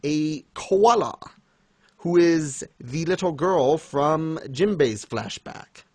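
A man's voice: a little high, slow pace, slightly rough, dry recording. Laughing man in casual chat. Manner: animated, laughs often, acts out quotes. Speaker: podcast co-host. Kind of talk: casual fan discussion.

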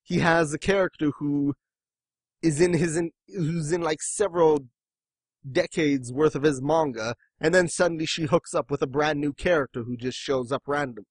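Male podcast host, raised pitch, dry close mic, easygoing and jokey. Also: moderate pace, husky, no room sound. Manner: chatty, jokey, breaks into quoted voices. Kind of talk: casual chat.

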